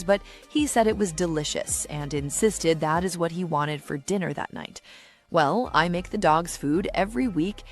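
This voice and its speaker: A woman voicing a worried married woman who breeds dogs, in a calm, explanatory manner, in a joke video. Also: fairly low pitch.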